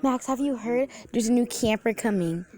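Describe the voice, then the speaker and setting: A woman voicing an excitable, bubbly girl camper who talks eagerly. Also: fairly high pitch, moderate pace, voice pushed up, close to an everyday voice. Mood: excited.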